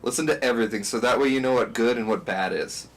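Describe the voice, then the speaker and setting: A man's voice: mid-range voice, fast talker, creaky. A man co-hosting a podcast in casual chat, joking and laughing often. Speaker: podcast co-host. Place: podcast studio. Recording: noisy room audio.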